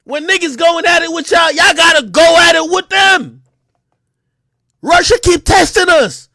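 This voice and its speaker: A man rants on a livestream in a loose, profane way and breaks into mocking impressions. His voice sits high and swings wildly in pitch. The sound is dry and close, with no room around it. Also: expressive, normal speed, sharp tone, no room sound. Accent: New York. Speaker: livestream host. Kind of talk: unscripted livestream rant.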